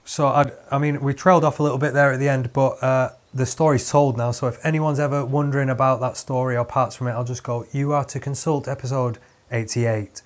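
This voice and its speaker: A man's voice: mid-range voice, level tone, quick pace, hardly any pauses. A young man hosting a podcast, rambling and joking with lots of fillers and restarts. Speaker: podcast host. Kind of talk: casual podcast chat.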